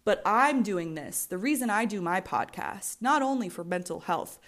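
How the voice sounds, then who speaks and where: A woman's voice: medium pitch, animated, normal speed, a bit bright. A woman in her twenties with an American accent, hosting a solo podcast in a candid, rambling way, swearing freely and often restarting her sentences. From United States. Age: 20s. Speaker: podcast host.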